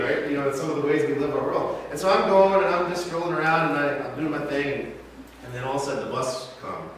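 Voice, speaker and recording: Chatty pastor in an echoey church. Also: male voice, a little high, fast talker, a little hiss or hum. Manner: casual, chatty, with frequent asides like "right?". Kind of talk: conversational sermon storytelling. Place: church sanctuary. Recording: very echoey hall, mic far off.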